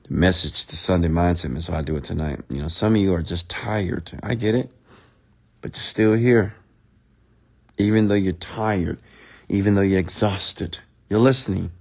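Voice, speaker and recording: A man giving a late-night motivational livestream rant as a mentor, speaking straight to his listeners. He repeats phrases, swinging from loud pleading to a hushed, close tone. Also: low-pitched, moderate pace, vocal fry. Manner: repetitive, direct address to the listener.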